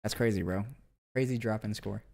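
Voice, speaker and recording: A man's voice: on the low side, a little fast, creaky, a little mellow. A young man streaming and chatting casually, rambling and self-mocking with lots of fillers. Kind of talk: casual live-stream chat.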